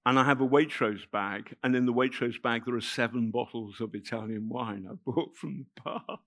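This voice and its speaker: A middle-aged man, telling a personal story to an audience in a halting, emotional way with many restarts. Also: mid-range voice, fairly bright tone, dry recording, clean studio sound. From England. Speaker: festival speaker telling a story. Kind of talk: spoken anecdote to a live audience.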